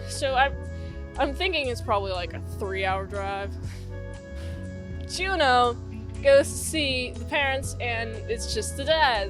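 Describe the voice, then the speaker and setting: A young woman casually retelling a movie's plot for a review, rambling, swearing now and then and laughing at her own asides. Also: on the high side.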